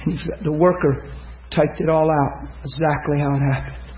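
A male preacher delivering an impassioned sermon, swinging from shouted peaks to hushed storytelling. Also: fairly high pitch, fairly even intonation, normal speed, highs cut off, a little hiss or hum.

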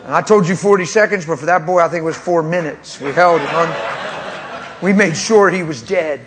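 A man's voice: fairly high pitch, moderate pace, background noise. A man, a traveling preacher, telling a testimony story in an emphatic, fervent way.

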